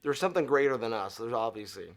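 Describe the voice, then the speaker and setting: Lively middle-aged man telling stories. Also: medium pitch, fast talker. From Arizona. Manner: animated storyteller acting out dialogue. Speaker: interview guest. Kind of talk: casual interview storytelling.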